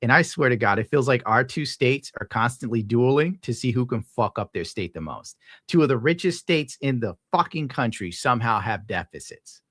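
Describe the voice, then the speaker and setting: A man's voice: medium pitch, expressive, normal speed, fairly bright tone, no room sound, clean studio sound. A young man streaming, casually ranting and reading donations, profane and rambling. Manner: profane, rambling, laid-back. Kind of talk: casual rant to viewers.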